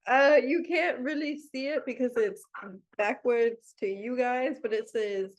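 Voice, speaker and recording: A podcast co-host in easy conversation, her voice sitting high and bubbling over with excitement. She drawls her words out slowly and laughs often while she gushes. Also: lo-fi sound. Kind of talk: casual chat.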